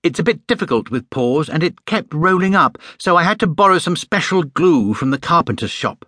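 A man voicing a polite, earnest young bear who is quick to take offence. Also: on the high side, lively intonation, bright, forceful tone, no echo, studio quality, voice pushed up. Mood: explaining. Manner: earnest, well-mannered, indignant.

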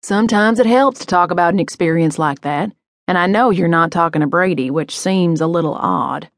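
A woman narrator voicing a calm adult male police detective who presses gently and sounds sympathetic. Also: fairly low pitch, moderate pace, dry recording, clean studio sound, lightly acted. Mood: coaxing.

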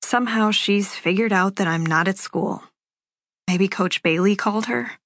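A woman reading a first-person novel aloud as an audiobook, in a measured, unhurried telling. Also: mid-range voice, fairly bright tone, no room sound, clean studio sound. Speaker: audiobook narrator.

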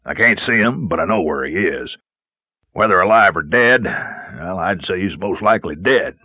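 A man voicing a gruff old backwoods mountain man who drawls in rough country grammar. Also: deep voice, animated, moderate pace, no echo, muffled recording. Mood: dry, teasing.

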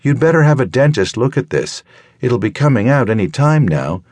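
A brisk, probing woman doctor, as a male narrator puts her on, firing off direct questions in a raised, lighter voice. She sounds clipped and matter-of-fact, with a dry, close sound to the reading. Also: mid-range voice, sing-song, darkish tone, no echo, pitched above the performer's own voice.

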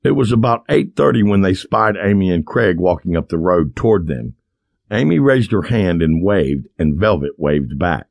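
A man reading an audiobook in scripted narration, lively and expressive. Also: sits low, normal speed, creaky, dry recording.

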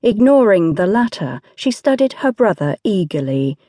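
Reading a scripted audiobook in a measured yet expressive way, a woman speaks at medium pitch. The sound is studio quality, with no echo.

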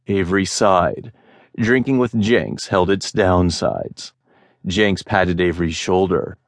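Slow low-voiced male audiobook narrator. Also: no echo. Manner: measured, even storytelling. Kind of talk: scripted narration. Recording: dry studio sound.

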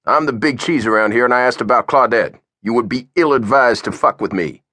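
A man's voice: medium pitch, fairly quick, pushed and bright, no echo, clean studio sound, voice pushed up. A man voicing a cocky young man in his twenties who is in charge and talks in a brash, commanding way. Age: 20s.

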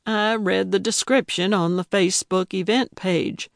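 A woman's voice: mid-range voice, steady tone, a little slow, creaky, no room sound, studio quality. A woman reading an audiobook, voicing a feisty, indignant elderly woman who fancies herself a detective. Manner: indignant, emphatic.

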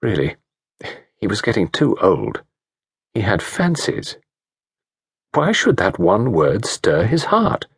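Expressive male audiobook narrator, husky and dry-sounding, measured delivery. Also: on the low side, no echo. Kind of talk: scripted narration.

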